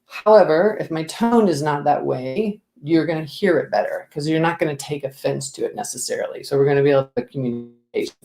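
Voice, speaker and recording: A woman business coach giving an expressive, lively talk to the camera, asking the viewer direct questions. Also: sits low, fairly quick, vocal fry, hardly any pauses, reverberant.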